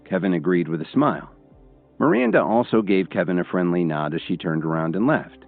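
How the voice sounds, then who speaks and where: A man narrating an audiobook in an expressive, emphatic way. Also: deep voice. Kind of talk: scripted narration. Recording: tinny phone-like sound, faint music.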